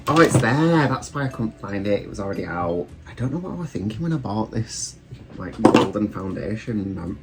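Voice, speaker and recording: A British man, a drag queen, chatting casually and self-deprecatingly while doing his makeup at home. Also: deep voice. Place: room at home. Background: faint background music.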